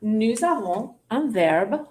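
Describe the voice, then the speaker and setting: Slow, patient woman teaching grammar. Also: on the high side, lively intonation, darkish tone. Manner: patient, playful mock surprise, asks questions. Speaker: French teacher. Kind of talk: classroom teaching demonstration.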